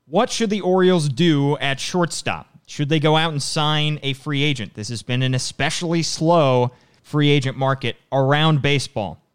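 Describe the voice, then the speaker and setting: A man co-hosting a casual sports podcast, talking briskly with frequent restarts. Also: a little high, smooth. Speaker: podcast co-host.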